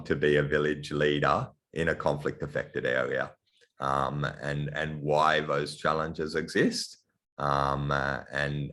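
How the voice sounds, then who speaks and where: A middle-aged man with a mixed Australian and European accent, giving an online lecture in a halting way, with many ums and restarts, over a video call. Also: a bass voice, fairly bright tone. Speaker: guest lecturer. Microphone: computer mic on a video call.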